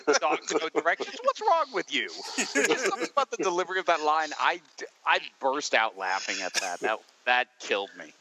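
A man on a podcast panel, retelling favorite jokes as an animated storyteller. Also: fairly high pitch, brisk. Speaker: podcast co-host. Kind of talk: casual panel chat. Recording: slightly muffled, faint hiss.

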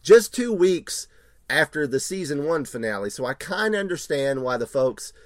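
A man's voice: on the high side, sing-song, normal speed, no echo, studio quality. A man co-hosting a podcast, chatting casually with laughs and reading an episode recap and credits. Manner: laughs often, reads credits and plot summary. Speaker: podcast co-host.

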